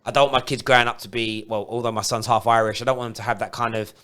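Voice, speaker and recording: A man, hosting a casual football watchalong with animated, laughing banter. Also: medium pitch, very fast, clean tone. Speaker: host of a football fan show. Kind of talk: casual live match watchalong chat.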